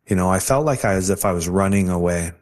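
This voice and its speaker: Man, interview guest, earnest testimony, lowish voice. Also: darkish tone. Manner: earnest, halting, with restarts. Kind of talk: personal testimony storytelling.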